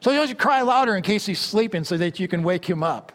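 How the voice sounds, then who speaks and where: A male preacher delivering a fervent sermon, swinging between loud exclamations and low asides. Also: expressive, fairly quick. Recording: long hall reverb.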